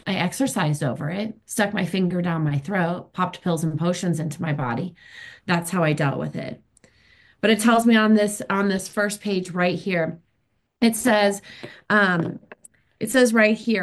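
A woman's voice: on the low side, a little slow. Candid woman in her fifties. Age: 50s. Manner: candid, emphatic, chatty with many fillers. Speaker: recovery meeting speaker. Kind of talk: personal recovery share.

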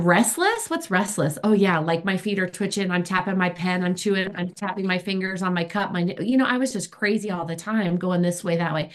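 A woman, sharing her recovery story at a meeting in a candid, emphatic, chatty way. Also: mid-range voice. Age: 50s. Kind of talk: personal recovery share.

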